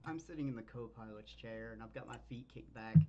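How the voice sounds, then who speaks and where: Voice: mid-range voice, fairly quick, dark tone, a little hiss or hum. A player in a tabletop game, sarcastic and given to swearing. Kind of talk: casual tabletop play.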